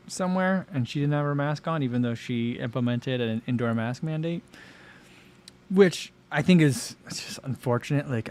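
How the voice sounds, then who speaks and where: An American man hosting a casual livestream, talking in a rambling, animated way with lots of fillers and restarts. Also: mid-range voice. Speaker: livestream host.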